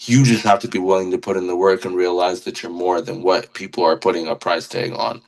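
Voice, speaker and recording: Earnest low-voiced man, passionate podcast guest. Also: little pitch movement, brisk, poor audio. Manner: earnest, passionate, repeats words while searching for them. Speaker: guest musician. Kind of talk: casual podcast conversation.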